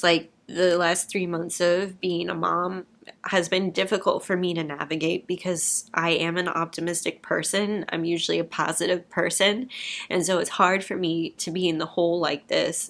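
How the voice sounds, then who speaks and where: Young woman vlogger, low-ish voice, frank and emotional, casual swearing, talks straight to camera. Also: vocal fry, a bit bright. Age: young adult. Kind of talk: candid personal vlog.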